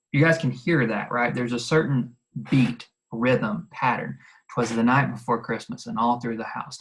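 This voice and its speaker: In a recorded video lesson, a man with a medium-pitched voice teaches casually, repeating instructions slowly so students can take notes. The recording quality is low.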